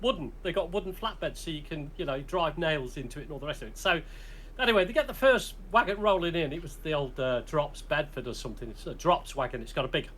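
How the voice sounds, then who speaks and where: A man's voice: a little high, lively intonation, quick pace, fairly bright tone, a little hiss or hum. A man with a British accent, hosting a podcast and telling a long, rambling army anecdote in casual chat, laughing often and restarting his sentences. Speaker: podcast host.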